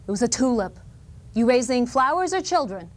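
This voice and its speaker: A woman's voice: on the high side, very animated, fairly quick. A woman playing an earnest, precocious little girl who lectures her parents in a solemn, mock-formal comic monologue. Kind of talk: comedic monologue.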